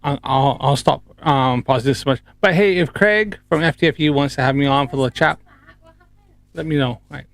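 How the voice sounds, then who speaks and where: A Canadian man hosting a casual livestream, talking to his chat in halting bits full of fillers. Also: mid-range voice, a bit bright, dry recording. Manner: halting, filler-heavy, chuckling asides to chat. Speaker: livestream host.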